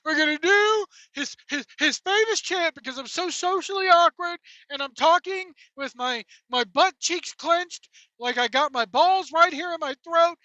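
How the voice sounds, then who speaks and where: A woman doing a mocking impression of a nervous, socially awkward male company boss who stammers and talks in a strained, halting way. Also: very high-pitched, sharp tone, no echo, pitched above the performer's own voice. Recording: dull, dry lo-fi sound.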